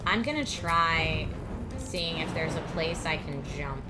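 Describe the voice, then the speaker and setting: A woman streamer talking her way through a video game live, thinking aloud with quick laughs. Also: deep voice, animated, heavy background noise. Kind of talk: live gameplay commentary. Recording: game music playing behind.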